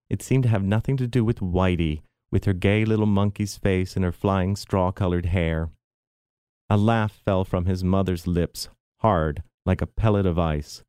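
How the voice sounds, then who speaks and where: A middle-aged man giving a measured, expressive literary reading. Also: sits low, clear, resonant tone, no room sound, clean studio sound. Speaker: reader.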